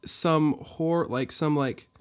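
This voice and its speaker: A man's voice: fairly high pitch, slow, clear, resonant tone. A man co-hosting a podcast, chatting casually and playfully while reading out a news article. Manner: rambling, playful, laughs often. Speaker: podcast co-host.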